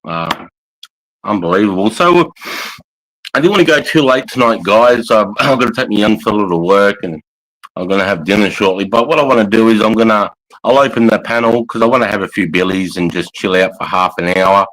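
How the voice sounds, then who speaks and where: A man's voice: on the low side, brisk, fairly bright tone, low-quality recording. A middle-aged Australian man hosting a livestream from his couch at home, chatting in a casual, sweary way and calling everyone mate. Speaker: livestream host. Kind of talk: casual live chat.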